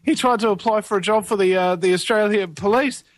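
A man's voice: high voice, a little fast, no room sound. A young man with a New Zealand accent chatting casually, blunt and sarcastic with casual swearing. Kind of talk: casual chat.

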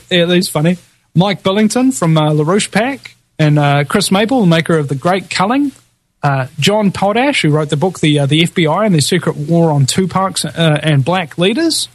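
A man's voice: sits high, no room sound. A man hosting a podcast, casually running through past guests in a rambling way, with lots of fillers and chuckling asides. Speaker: podcast host.

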